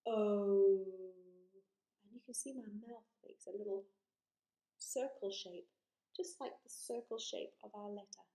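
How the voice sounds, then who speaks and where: A woman teaching a phonics lesson to young children, drawing out vowel sounds slowly and praising often. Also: mid-range voice, darkish tone. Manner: slow, encouraging, exaggerated vowel sounds. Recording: echoey room.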